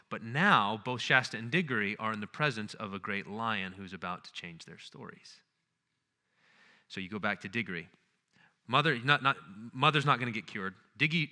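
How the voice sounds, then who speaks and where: A man's voice: mid-range voice, pushed and bright, in a large hall. A man giving a conference lecture, retelling a story earnestly and checking in with the audience. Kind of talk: lecture on literature and faith.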